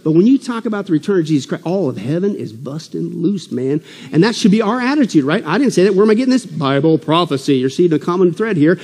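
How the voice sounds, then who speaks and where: A man preaching a conference sermon with exuberant energy, swinging between loud exclamations and low asides. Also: expressive, quick pace, breathy edge, big-room sound. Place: church hall.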